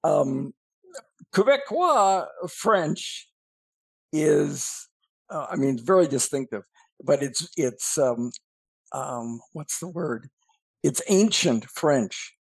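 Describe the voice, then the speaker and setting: Slow gravelly-voiced man. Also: medium pitch, darkish tone, no room sound, poor audio. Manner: slow, musing explanations. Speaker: podcast co-host. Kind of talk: casual chat.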